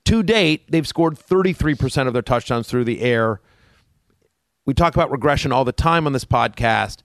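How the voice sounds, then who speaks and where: A man's voice: medium pitch, animated, normal speed, gravelly, a bit bright, no echo, clean studio sound. Man co-hosting a fantasy football podcast. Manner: conversational, hedging with fillers. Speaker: podcast co-host.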